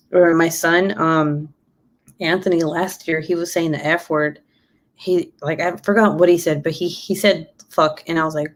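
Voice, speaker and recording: On her live stream, a woman in her twenties talks at a moderate pace in a fairly low voice. The YouTuber keeps it casual, swearing freely and laughing often.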